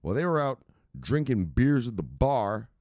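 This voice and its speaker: A man hosting a crypto livestream from home, cursing freely, laughing often and shouting at his viewers. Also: medium pitch, very animated, a little slow, dry recording. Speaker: crypto news host. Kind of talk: casual livestream rant.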